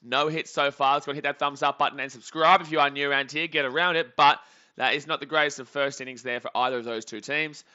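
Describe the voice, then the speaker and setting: A young man hosting a live baseball reaction stream, calling plays and reading chat comments aloud in an excitable way. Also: mid-range voice, fast talker, clean tone, highs cut off. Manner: excitable, reads out chat comments between calls.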